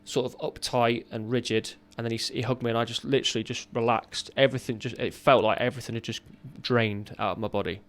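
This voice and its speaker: Brief: man, 30s, gravelly voice, candid halting storyteller, mid pitch. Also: fairly even intonation, a bit bright. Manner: raw, earnest, halting with restarts. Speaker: podcast guest, ex-serviceman.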